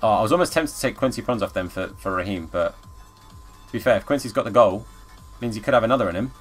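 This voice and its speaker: A young gaming streamer commentates live on a football video game, chatting with viewers and bursting into excited shouts at the plays. He talks fast in a lowish voice, with faint music in the background.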